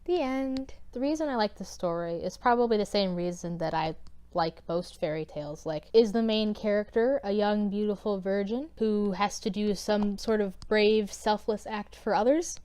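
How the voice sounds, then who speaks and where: A woman's voice: medium pitch, normal speed, darkish tone, smooth. A young woman in her twenties casually retelling a scripture story to her channel, irreverent and wry. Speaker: YouTuber.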